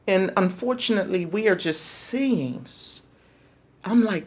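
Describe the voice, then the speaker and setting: A woman's voice: mid-range voice, animated, unhurried. Emphatic middle-aged woman, preachy and direct. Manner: emphatic, preachy, repeats lines for effect, calls listeners baby. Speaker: speaker sharing parenting views. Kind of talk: passionate monologue.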